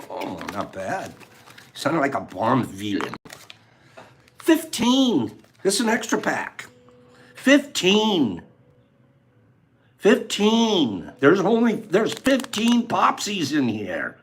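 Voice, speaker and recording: Casual male streamer host, slow and animated, playful and teasing. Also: sits high, a little hiss or hum. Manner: playful, teasing, chatty with viewers. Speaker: livestream host. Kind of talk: casual livestream chat.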